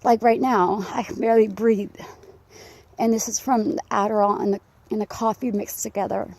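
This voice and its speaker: A woman out of breath, rambling and confessional as she vlogs while walking outdoors in a quiet neighborhood. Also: medium pitch, steady tone, normal speed. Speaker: vlogger. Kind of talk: casual vlog while walking. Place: outdoors, quiet residential community. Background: faint dog and insects.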